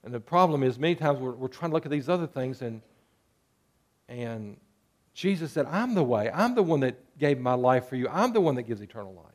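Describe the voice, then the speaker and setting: A man's voice: mid-range voice, lively intonation, a little fast, a little mellow. A man preaching a sermon, moving between earnest scripture reading and playful jokes with sheep bleats. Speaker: pastor.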